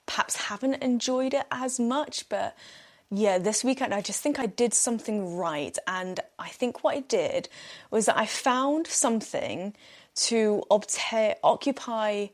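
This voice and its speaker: A woman's voice: a little high, unhurried. A young woman hosting a solo podcast, chatting casually and often breaking into giggles. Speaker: podcast host.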